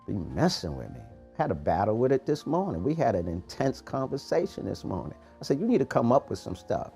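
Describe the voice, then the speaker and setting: A man hosting a morning podcast, giving a preachy, animated motivational talk in street-casual phrasing. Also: medium pitch, a little fast, creaky, soft background music. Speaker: podcast host, motivational coach.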